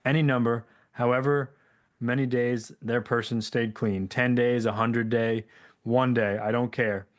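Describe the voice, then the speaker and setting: A man reading aloud the words of a grieving mother, gentle and pleading, with a slightly raised voice. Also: medium pitch, fairly even intonation, measured pace, close to an everyday voice. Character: grieving mother, middle-aged woman, tearful.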